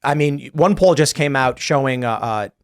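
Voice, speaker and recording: A man's voice: mid-range voice, moderate pace, clear, resonant tone. A man hosting a casual political panel discussion, talking in loose restarts and stumbles. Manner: talks in loose restarts, mimics newscasters. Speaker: podcast host.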